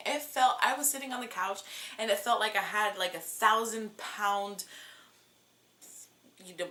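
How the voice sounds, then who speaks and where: A woman's voice: mid-range voice, unhurried, long pauses, pushed and bright. A woman in her twenties telling a personal story in a casual, chatty vlog, with many fillers. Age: 20s. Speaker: vlogger.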